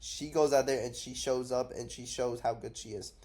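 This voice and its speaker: Steady in tone and darkish, a mid-range male voice at normal speed runs through fight predictions in casual, unscripted commentary. The MMA vlogger is blunt, profane and rambling, clearly sick and groggy on cough syrup.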